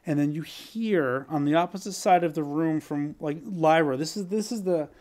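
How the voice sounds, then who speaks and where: A man's voice: fairly high pitch, moderate pace, darkish tone. A man narrating a tabletop game as game master, describing scenes and building suspense.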